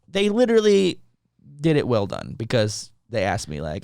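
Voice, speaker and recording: A man co-hosting a podcast, telling stories in casual chat with lots of swearing and animated retelling. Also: lowish voice, normal speed, vocal fry, smooth, no echo, studio quality. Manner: profane, animated storytelling. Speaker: podcast co-host.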